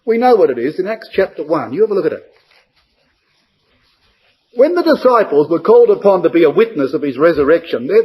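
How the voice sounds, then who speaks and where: Husky, lively-voiced man preaching. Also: high voice, low-quality recording. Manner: addresses the congregation with rhetorical questions. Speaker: Bible study speaker. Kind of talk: verse-by-verse Bible study talk.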